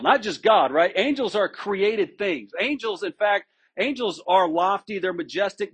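A male pastor delivers an expository sermon in a high-pitched, somewhat husky voice. He talks conversationally, stresses key words, and often doubles back on a phrase before finishing it. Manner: conversational and emphatic, with frequent restarts and checks with listeners.

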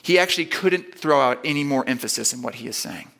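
Guy preaching, bright ringing voice, punches the key lines then goes quiet. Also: expressive, fast talker, vocal fry. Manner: emphatic, builds to loud repeated stresses then drops low. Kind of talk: sermon.

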